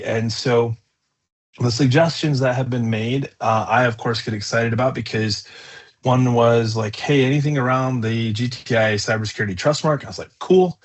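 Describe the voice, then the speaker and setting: A man hosting a podcast, talking in a chatty, rambling way with many fillers. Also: medium pitch. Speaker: podcast host. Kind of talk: casual conversational podcast.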